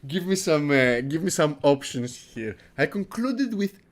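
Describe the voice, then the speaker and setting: A man's voice: fairly high pitch, expressive, a little slow, hardly any pauses. A man hosting a casual crypto livestream who rambles, repeats his words, swears and laughs a lot, from Greece. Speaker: crypto stream host.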